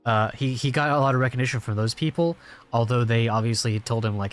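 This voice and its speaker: A man's voice: medium pitch, fast, a bit bright, faint music behind. A man hosting a reading reaction, giving hesitant, rambling casual commentary. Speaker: reaction host.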